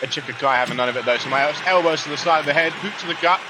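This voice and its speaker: A man's voice: fairly high pitch, rapid-fire, background noise. A young man commentating a wrestling game live on a stream, chatty and greeting viewers between calls. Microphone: laptop mic. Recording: music playing behind. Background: music.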